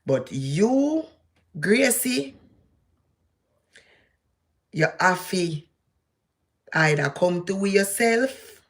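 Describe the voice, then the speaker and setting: A woman's voice: mid-range voice, lively intonation, drawn-out words, pauses often. A woman with a Jamaican accent giving casual, preachy commentary and speaking straight to the person she addresses. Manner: preachy, emphatic, addressing someone directly. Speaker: vlogger.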